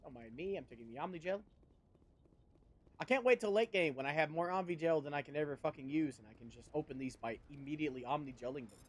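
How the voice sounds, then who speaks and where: A man's voice: on the high side, animated, quick pace. A man streaming a video game, chatting in a rambling, sarcastic way and swearing often. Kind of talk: casual game commentary.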